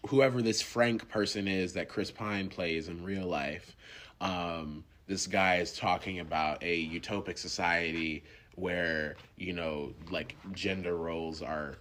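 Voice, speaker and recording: A man hosts a casual film review podcast at an unhurried, drawn-out pace. His voice sits on the lower side, and he stumbles and restarts phrases, breaking into laughter often. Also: fairly even intonation, a bit bright. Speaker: podcast host.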